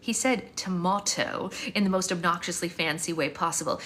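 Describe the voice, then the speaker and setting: A woman author reading her own novel aloud in a live stream at home, with wry, expressive first-person narration on a phone mic. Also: lowish voice, moderate pace, few pauses, slight background noise.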